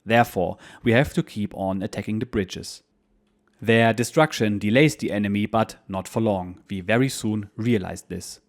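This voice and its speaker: A man narrating a war memoir as a history channel host, in a steady, measured reading style. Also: fairly low pitch.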